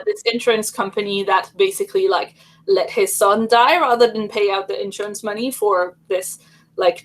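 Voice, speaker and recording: A woman's voice: a little high, low-quality recording. A woman hosting a casual livestream chat, talking in a rambling way with many fillers and restarts. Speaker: livestream host.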